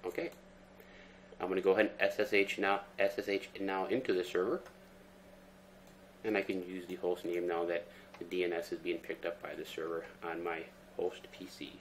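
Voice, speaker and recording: A man with a very low voice presents a screen-recorded tech tutorial at a moderate, easy pace, relaxed as he explains each step with plenty of ums and uhs. Faint noise and keyboard typing sound in the background.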